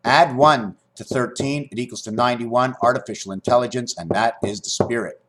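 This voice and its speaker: A man's voice: fairly quick, few pauses. Rambling man in his fifties. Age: 50s. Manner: rambling, swings between high loud bursts and low muttering. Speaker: vlogger. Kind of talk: rambling spiritual monologue.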